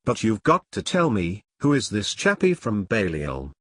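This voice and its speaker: A man's voice: lowish voice, huge pitch swings, normal speed, no echo. Man voicing a bold, teasing young woman. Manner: teasing and frank. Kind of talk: audiobook character reading.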